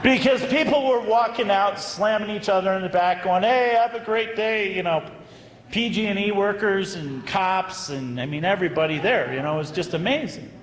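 A priest telling a story in a sermon, animated and anecdotal, with dramatic pauses. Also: male voice, sits high, slight background noise. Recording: echoey hall with long reverb.

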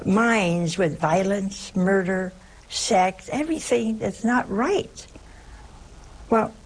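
A woman's voice: mid-range voice, gravelly, breathy edge, poor audio. A woman giving a sermon from an Italian-American family background, mixing moral teaching with humorous family stories and rhetorical questions. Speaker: religious teacher giving a talk.

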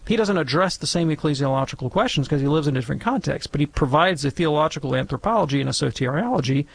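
A man's voice: a little high, expressive, fast, gravelly. A man speaking as a guest theologian on a call-in radio show, lecturing in an academic, wry way.

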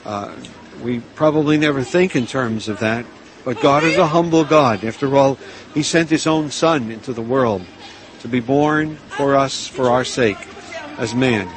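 Man preaching, calm, measured, exhorting, mid-pitched voice. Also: a crowd in the background, rough recording. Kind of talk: sermon and narration.

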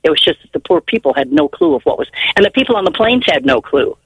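A woman's voice: medium pitch, sing-song, quick pace, gravelly, husky, no room sound, highs cut off. An older woman phoning in to a radio show, telling a long rambling story in a chatty way. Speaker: caller. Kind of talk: call-in radio chat.

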